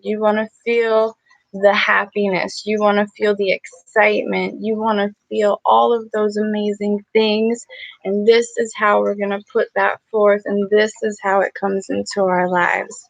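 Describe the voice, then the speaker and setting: A woman leads a live gratitude meditation, speaking earnestly and with emotion as she repeats affirmations for her viewers. Her mid-range voice is creaky and level in tone, her pace measured, and there's no echo.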